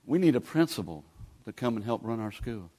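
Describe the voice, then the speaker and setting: A man's voice: mid-range voice, very animated, a little fast, dark tone. A man, preaching a sermon in a folksy, pleading, conversational way as a guest preacher. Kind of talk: sermon with altar call.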